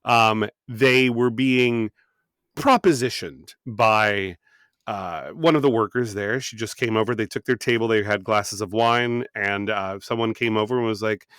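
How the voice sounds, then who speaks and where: A man's voice: on the low side, steady tone, a little slow, a bit bright, smooth, dry recording, clean studio sound. A man co-hosting a podcast, casually recounting a tabletop game story in a self-deprecating way and laughing often. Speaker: co-host and game master. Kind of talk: casual podcast chat and anecdote.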